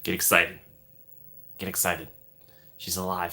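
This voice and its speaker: A man chatting with his live-stream viewers in a bright, sharp-edged voice that swings widely up and down. He is upbeat and playful, greeting people by name. The talk is loose and casual. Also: fairly low pitch, lively intonation, normal speed. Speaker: livestream host.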